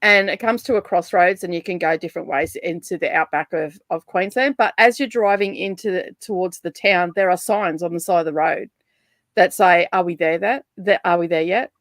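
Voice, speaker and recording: A woman's voice: on the low side, normal speed, fairly bright tone, no room sound, studio quality. A woman hosting a casual reading livestream, chatty, greeting viewers and laughing often. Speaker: livestream host.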